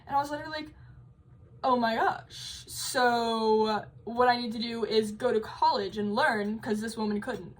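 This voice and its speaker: A woman's voice: on the high side, low-quality recording. A young woman vlogging about college, telling stories in a rambling, emphatic way with lots of fillers. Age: young adult. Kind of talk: casual vlog chat.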